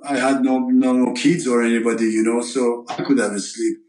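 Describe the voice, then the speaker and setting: A man recounts his past as an interview guest, pausing often, restarting his sentences and reaching for the right words. His voice sits at an ordinary middle pitch. The recording has a noticeable roomy echo around him. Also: fairly even intonation, a little mellow, a little hiss or hum. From Iran. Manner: halting, searching for words, many fillers and restarts. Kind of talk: storytelling interview.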